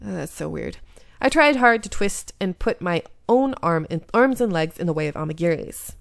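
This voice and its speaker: A woman's voice: fairly low pitch, animated, normal speed, vocal fry, no room sound, studio quality. A woman YouTuber reading a visual novel aloud in first person, breaking off now and then to comment. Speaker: gaming YouTuber.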